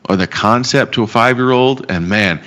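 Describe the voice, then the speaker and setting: A man in his thirties hosting a live trading show, chatty with quick asides. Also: medium pitch, fairly bright tone. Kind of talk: casual live show banter.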